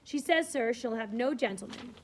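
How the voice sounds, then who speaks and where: A woman's voice: a little high, lively intonation, normal speed, a little hiss or hum, lightly acted. A woman voicing a deferential male footman. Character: nervous male servant footman.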